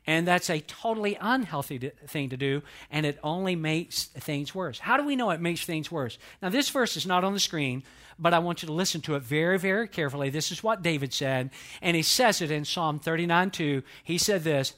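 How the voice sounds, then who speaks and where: A man's voice: fairly high pitch, lively intonation, brisk, fairly bright tone. A middle-aged male pastor preaching a sermon in an earnest, conversational way, with repetitions and restarts.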